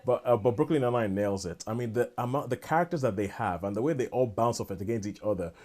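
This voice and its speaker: A man's voice: medium pitch, quick pace, darkish tone. A man co-hosting a casual podcast chat, rambling and enthusiastic, often restarting his sentences. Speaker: podcast co-host.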